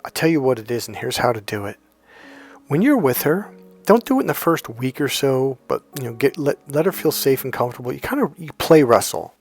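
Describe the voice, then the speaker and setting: A man's voice: medium pitch, animated, a little fast, faint music behind. A man working as a dating coach, telling a personal story as advice in a profane, emphatic way. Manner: profane, emphatic, repeats "here's the deal".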